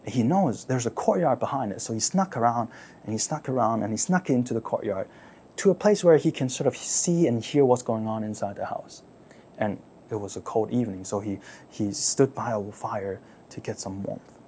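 A man preaching, retelling a story dramatically, repeating phrases and asking listeners to imagine the scene, swinging from loud outbursts to near-whispers. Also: medium pitch, moderate pace, a little hiss or hum. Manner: repeats words and phrases for emphasis; asks listeners to imagine, rhetorical questions. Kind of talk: sermon storytelling.

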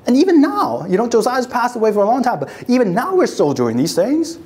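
A preacher delivering a sermon, retelling scripture dramatically, dropping to a hush and then rising, and repeating phrases for emphasis. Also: mid-range voice, big pitch swings, fairly quick, hardly any pauses. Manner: dramatic, swings from hushed to raised voice.

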